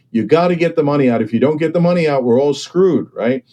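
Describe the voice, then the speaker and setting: Emphatic man with a dark voice. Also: fairly high pitch, lively intonation, quick pace. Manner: emphatic, persuasive, repeats "okay?" and "right?"; acts out other people's voices when quoting them. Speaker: political commentator and guest. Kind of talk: impassioned political discussion.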